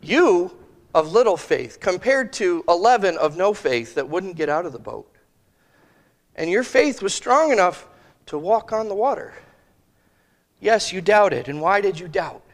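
High-voiced man preaching conversationally. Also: lively intonation, in a large hall. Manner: conversational, thinking aloud with restarts; slow, emphatic phrasing of quoted scripture. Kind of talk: sermon.

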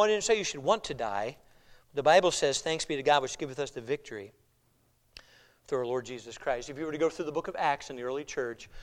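A middle-aged male pastor preaching a sermon, animated, moving between loud emphatic lines and quiet intense ones. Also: medium pitch.

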